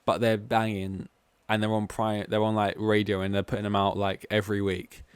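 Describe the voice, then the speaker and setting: A man's voice: fairly low pitch, little pitch movement, moderate pace, clean tone, dry recording. A man from East London hosting a solo podcast, rambling casually and going off on tangents. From East London, England. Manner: rambling, goes off on tangents, heavy use of "like". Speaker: podcast host.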